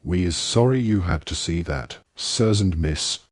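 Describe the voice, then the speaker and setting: Servile apologetic house elf, a low-voiced man reading, storybook. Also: animated, a little slow, no room sound, studio quality. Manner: bowing, apologetic. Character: ashamed squeaky male house elf.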